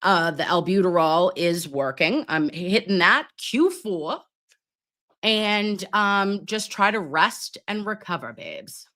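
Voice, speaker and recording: A middle-aged nurse hosting a live stream, chatting with viewers and reading their comments while she gets over pneumonia and keeps clearing her throat. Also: on the low side, animated, slow, pushed and bright. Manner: chatty, calls viewers babes, reads comments aloud. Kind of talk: casual live stream chat.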